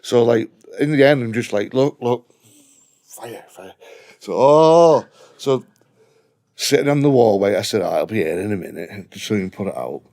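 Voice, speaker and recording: A man's voice: fairly low pitch, moderate pace, darkish tone. A man with a broad Liverpool accent telling a profane, blunt anecdote in casual chat. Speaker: guest storyteller.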